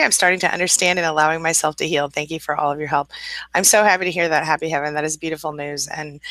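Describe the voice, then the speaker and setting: A woman's voice: fairly low pitch, bright, forceful tone, no echo. A middle-aged woman hosting a live-stream chat as a relationship coach, greeting viewers by name and reading comments aloud in a chatty way.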